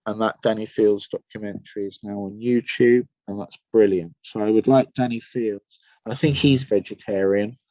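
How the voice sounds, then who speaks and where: A man's voice: lowish voice, fairly even intonation, normal speed, dark tone, dry recording, muffled recording. An English man from Somerset, a musician guest telling rambling, enthusiastic stories in a casual podcast chat. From Somerset, England. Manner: rambling, enthusiastic storytelling with many fillers.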